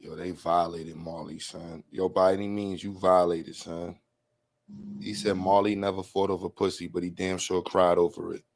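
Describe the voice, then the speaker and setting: Male livestream host, lowish voice, casual rambling slang-heavy delivery. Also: level tone, normal speed, darkish tone. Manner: loose, rambling, slangy with frequent laughs.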